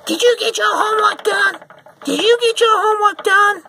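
A man voicing a harsh mother yelling at her kid about homework in a shrill, shouting falsetto. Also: normal speed, creaky, noisy background. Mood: angry.

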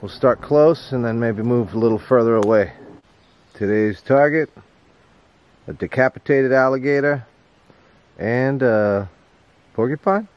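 A man's voice: mid-range voice, measured pace, pauses often, lo-fi sound, a little hiss or hum. A young man with a Boston accent, vlogging casually outdoors at a campground and archery range, chatty and joking with his viewers. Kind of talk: casual vlog to camera.

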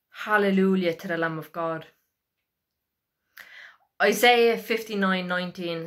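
A woman preaching a sermon, fervent and emphatic, with a repetitive cadence and slow, stressed scripture reading. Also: medium pitch, expressive, a bit bright. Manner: fervent, emphatic, declaring with rising intensity.

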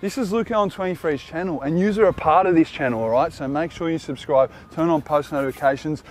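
A man's voice: on the high side, fast. A young man in his twenties with an Australian accent, vlogging in a brash, joking way and swearing freely. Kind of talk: casual vlog.

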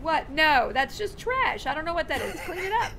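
A woman hosting a casual let's-play with friends, excitable and exclamatory, calling out orders to her teammates over voice chat. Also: sits high, normal speed, over a noisy crowd. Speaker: host.

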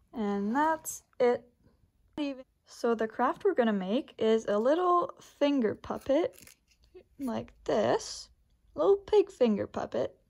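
Female librarian, children's story time and craft demo; gentle, slow, somewhat high. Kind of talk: picture book read-aloud and craft demo.

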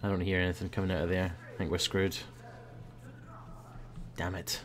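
A young man giving playful commentary over a video game, breaking into loud high yells when the action heats up. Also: flat delivery, normal speed. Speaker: gaming video host. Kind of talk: casual gameplay commentary.

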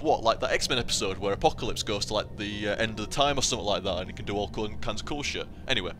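A man's voice: lowish voice, very fast, few pauses. Sweary man riffing over a game. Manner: sweary, rambling asides. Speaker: gameplay commentator. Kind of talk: let's play commentary, reading game text aloud.

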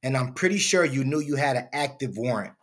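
A man's voice: mid-range voice, expressive, fairly quick, a bit bright. A man hosting a commentary channel, lecturing his audience in a preachy, repetitive way. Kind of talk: opinion commentary over footage.

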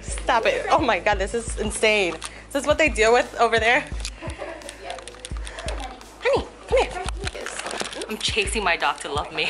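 A young woman vlogging in a casual, giddy way, swinging from hushed asides to excited squeals. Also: mid-range voice, moderate pace, music in the background.

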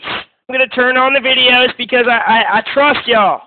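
A man hosting a comedic livestream hotline, breaking into frantic shouting outbursts between soft, pleading stretches. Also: very high voice, normal speed, hardly any pauses. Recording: tinny phone-quality lo-fi audio.

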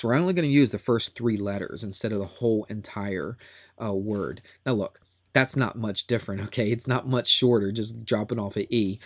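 A man's voice: lowish voice, dry recording, studio quality. A man teaching a recorded math lesson in a chatty, upbeat way that often repeats itself.

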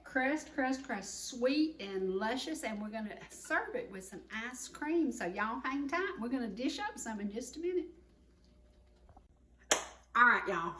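Here the kitchen host's voice sits at medium pitch and is a bit bright, with room echo and slight background noise. She's a sixty-something Southern woman presenting a cooking segment indoors, homey and folksy, saying "y'all."

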